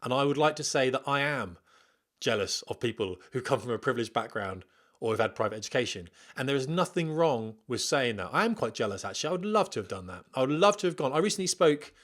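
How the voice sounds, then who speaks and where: A man's voice: mid-range voice, lively intonation, fast, a bit bright. Rambling man hosting a podcast. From Britain. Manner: rambling, digressive, chatty. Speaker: podcast host, former military pilot. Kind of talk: casual podcast monologue reading a listener email. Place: at home.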